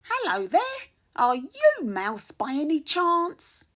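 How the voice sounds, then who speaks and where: A woman's voice: high-pitched, very animated, slow, pushed and bright, pitched above the performer's own voice, heavily acted. A woman voicing a brave, curious male kitten who asks questions politely in a storybook read-aloud.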